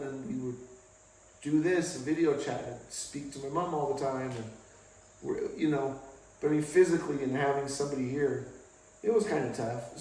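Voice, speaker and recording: A man's voice: on the high side, a little mellow. Man in a very echoey garage. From England. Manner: halting, casual, with pauses and restarts. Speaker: vlogger. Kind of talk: candid personal story to camera. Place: home garage. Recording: very echoey garage, mic far off.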